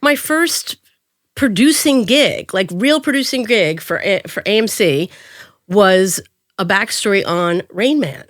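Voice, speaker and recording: A woman in her thirties tells her career stories as a guest, lively and quick to act out what others said in a higher voice. The sound is close and dry, with no room around it. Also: no echo. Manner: animated, acts out quotes in a higher voice. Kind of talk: storytelling in an interview.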